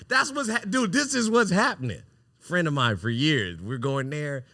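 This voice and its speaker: A man hosting a podcast, telling a wild personal story in a casual, animated, profane way, often breaking into laughter. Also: fairly high pitch, moderate pace, dry recording, studio quality. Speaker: podcast host.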